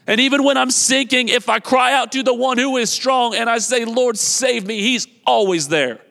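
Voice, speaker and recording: High-voiced male pastor preaching in a hall. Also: normal speed, vocal fry. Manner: energetic, exhorting, repeats phrases, acts out quotes. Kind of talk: sermon. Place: church sanctuary. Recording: long reverb of a large hall.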